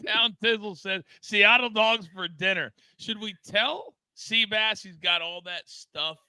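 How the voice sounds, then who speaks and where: A man's voice: high voice, a little slow, bright, forceful tone, clear, resonant tone, no echo, rough recording. A man hosting a live sports betting stream, teasing his co-hosts and hyping up segments. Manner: playful, teasing banter and hype promos. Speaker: sports betting show host.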